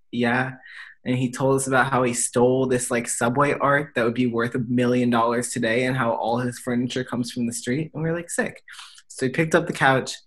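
A young adult podcast co-host chatting casually and telling rambling stories in an easygoing way. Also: mid-range voice. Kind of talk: casual chat and storytelling.

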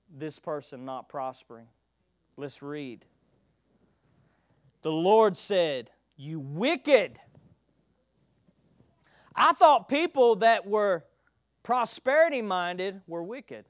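A man preaching a sermon, reading scripture aloud and expounding it, calling on the congregation to respond and swinging between loud declaiming and soft asides. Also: high-pitched, no echo, clean studio sound.

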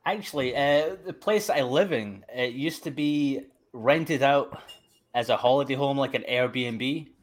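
A Scottish man talking loosely as a guest on a podcast. He tells stories with a crude, joking edge, and his voice sits at an ordinary middle pitch. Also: measured pace. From Scotland. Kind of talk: casual podcast banter.

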